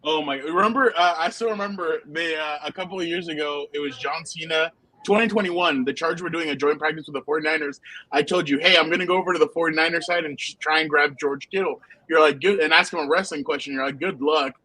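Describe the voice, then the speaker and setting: A man co-hosting a casual football podcast, telling animated anecdotes and laughing often. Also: fairly high pitch, quick pace, rough recording. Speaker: podcast co-host, football reporter. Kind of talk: casual sports podcast chat.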